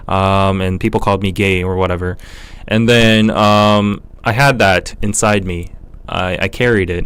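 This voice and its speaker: A man's voice: low voice, smooth. Young korean guy w/ north american accent, casual livestream q&a host, chatty, lots of ums, clean voice. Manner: relaxed and chatty, with frequent fillers. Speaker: podcast host.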